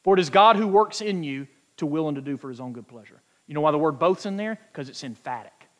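A man preaching a sermon, emphatic and quoting scripture, stretching key words out slowly for weight. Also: fairly high pitch, animated, a bit bright. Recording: long hall reverb.

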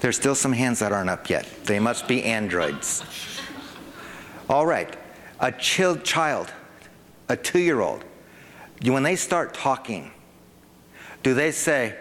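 A man preaching a sermon to a congregation, animated, with a rising pitch whenever he acts out an excited parent. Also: slow, long pauses, a little hiss or hum. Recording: long hall reverb.

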